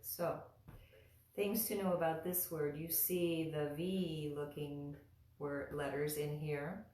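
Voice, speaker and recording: A woman teaching mantra pronunciation slowly and patiently, chanting and repeating each sound for the listener to copy. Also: low voice, fairly even intonation, warm tone, reverberant. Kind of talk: slow, patient instruction with chanting.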